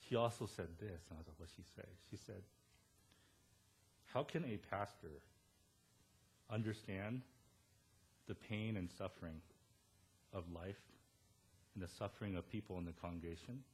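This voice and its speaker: A man in his thirties preaching a sermon as pastor, animated and storytelling, quoting the people he talks about. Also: low-pitched, moderate pace, long pauses, slight background noise.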